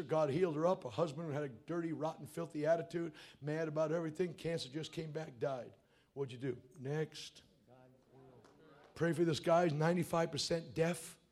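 A middle-aged man preaching a revival sermon, talking bluntly and swinging from quiet asides to shouting. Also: fairly high pitch, normal speed.

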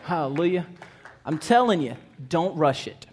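High-voiced man in his thirties preaching. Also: moderate pace, some chatter behind, a little hiss or hum. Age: 30s. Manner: animated, builds to shouting. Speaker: children's evangelist. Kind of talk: sermon.

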